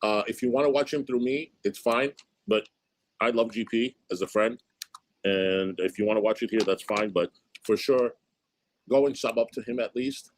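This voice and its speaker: A man's voice: medium pitch, moderate pace. A man hosting a livestream, reacting to chat with blunt, wry commentary. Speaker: streamer host.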